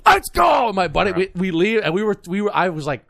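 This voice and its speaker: A man's voice: high-pitched, fast, gravelly. A man in his thirties co-hosting a podcast, telling a story in casual chat and acting out the other people in it. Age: 30s. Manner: animated, acts out the voices in his stories. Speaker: podcast co-host. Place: podcast studio.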